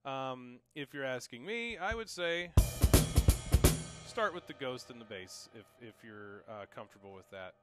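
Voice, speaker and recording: A man teaching drums in a relaxed, reassuring way, calling out strokes and counts as he plays. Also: mid-range voice, measured pace, over loud music. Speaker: drum teacher. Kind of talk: casual instructional talk. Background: drum kit playing.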